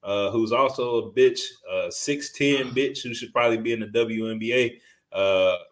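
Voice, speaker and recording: A man's voice: mid-range voice, normal speed. A man co-hosting a sports podcast, talking casual, profane, slangy trash talk. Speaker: podcast co-host.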